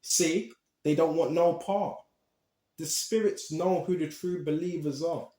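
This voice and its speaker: A man teaching from scripture in an animated, emphatic way, pressing his points straight to his listeners. His voice sits fairly high for a man. It rings out in an echoey room. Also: normal speed. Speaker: preacher. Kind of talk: Bible teaching.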